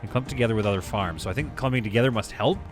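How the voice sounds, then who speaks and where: A man's voice: on the low side, rapid-fire. Young guy rambling thru a city builder game, talks to himself, keeps restarting sentences, faint music under it. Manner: chatty, thinks aloud, self-correcting. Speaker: gameplay video host. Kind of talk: casual let's-play commentary.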